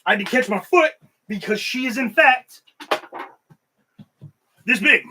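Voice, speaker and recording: A man's voice: very high-pitched, lively intonation, unhurried, bright, forceful tone, a little hiss or hum, poor audio. A man co-hosting a podcast, telling stories in casual chat with a grumbling, self-deprecating manner. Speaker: podcast co-host.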